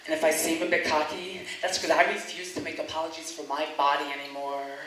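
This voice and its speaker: A woman's voice: deep voice, fairly even intonation, brisk, hardly any pauses, fairly bright tone, distant mic. Impassioned woman poet, very echoey room. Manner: impassioned, rising to defiant emphasis. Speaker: spoken word poet. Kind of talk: spoken word performance.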